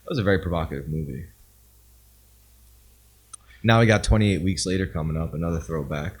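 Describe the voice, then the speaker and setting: Young male co-host, lowish voice, casual jokey banter. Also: fairly quick, slightly rough. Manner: joking, laughs often, trails off mid-sentence. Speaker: podcast co-host. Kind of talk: casual chat.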